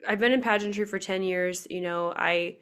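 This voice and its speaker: A woman's voice: mid-range voice, normal speed, a bit bright, clear, resonant tone. A woman in her twenties hosting a live video call, speaking in an earnest, emotional way about faith and self-worth with many casual fillers. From Nebraska. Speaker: podcast host. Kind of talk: heartfelt motivational faith talk.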